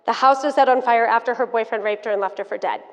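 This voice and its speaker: A woman in her thirties giving a motivational keynote talk, telling her story in an animated, frank and playful way to the audience. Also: fairly high pitch, quick pace. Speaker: keynote speaker. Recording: dull sound, long hall reverb.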